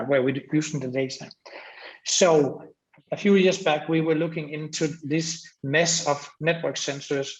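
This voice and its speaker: A man's voice: fairly high pitch, reverberant, poor audio. A man from Denmark giving a long, rambling panel answer with frequent restarts. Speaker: panel speaker.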